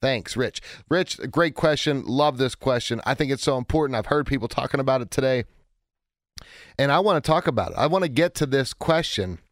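A man in his forties speaks as a radio call-in host, his voice hoarse and cracking. He talks in an energetic, chatty, self-interrupting way at a middle pitch. The studio sound is close and dry. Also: brisk, no echo. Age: 40s. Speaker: radio talk show host. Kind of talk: call-in radio show monologue.

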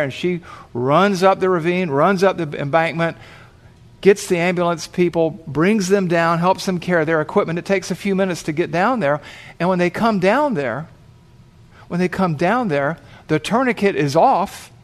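A man's voice: high voice, normal speed. A man preaching, telling a vivid story and acting out the voices of the people in it. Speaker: pastor. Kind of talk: sermon storytelling.

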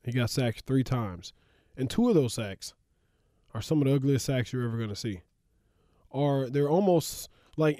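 A man hosts a sports podcast in a loose, chatty way, laughing often and wandering into asides. His voice is mellow and middle-pitched, recorded dry and close. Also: animated, normal speed, no room sound. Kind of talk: casual sports talk.

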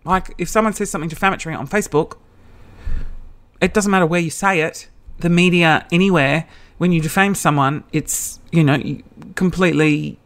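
A woman's voice: fairly low pitch, a little fast. A woman, a comedian telling a rambling, self-mocking story on her podcast.

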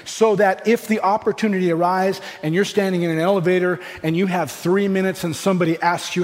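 A man's voice: high-pitched, fairly quick, few pauses. A man, a pastor preaching a sermon in a conversational way, acting out everyday dialogue as he goes. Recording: long hall reverb with faint music.

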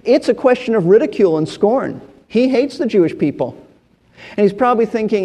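A man's voice: high-pitched, lively intonation, a little fast, darkish tone, big-room sound. A man teaching through a Bible passage verse by verse, explaining as he goes and often repeating words and restarting phrases.

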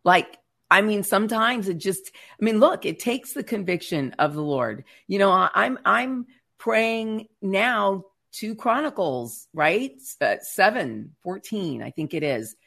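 A woman's voice: mid-range voice, very animated, unhurried, creaky, fairly bright tone. A woman co-hosting a candid faith chat, emphatic and slangy, with a preachy edge. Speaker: podcast co-host.

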